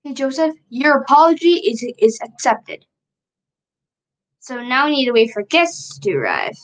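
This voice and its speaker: A woman's voice: sits high, very animated, unhurried, rough recording. A woman streaming live, chatting casually to herself while she shares her screen and repeats her questions.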